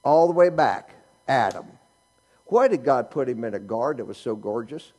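A man's voice: mid-range voice, lively intonation, moderate pace, warm tone, breathy edge. A male pastor preaching a sermon, asking the congregation rhetorical questions and teasing them with humor.

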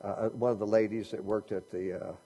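Husky, mellow-voiced preaching man. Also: lowish voice, fairly even intonation, brisk. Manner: conversational preaching with rhetorical questions. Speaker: pastor. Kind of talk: sermon.

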